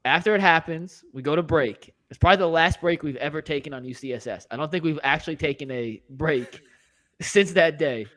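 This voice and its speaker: A man's voice: fairly high pitch, brisk, a bit bright. A man co-hosting a sports talk show, telling stories in casual studio chat. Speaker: co-host.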